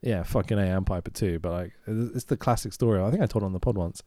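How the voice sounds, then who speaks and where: A man's voice: on the low side, fast talker, warm tone, dry recording, studio quality. A man co-hosting a podcast, recapping a film in casual chat, swearing freely, laughing often and mimicking the characters. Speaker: podcast co-host.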